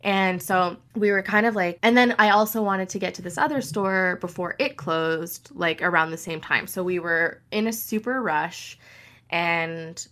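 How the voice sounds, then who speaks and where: A young woman telling a funny story in casual chat, animated and full of "like". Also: on the low side, unhurried. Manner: animated, lots of "like".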